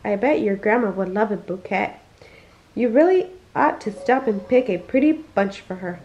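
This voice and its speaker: A woman's voice: medium pitch, moderate pace, a little mellow, lightly acted. A woman reading the part of a sly, wicked male wolf in a storybook, coaxing and falsely sweet, on a dull lo-fi recording. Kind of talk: storybook read-aloud.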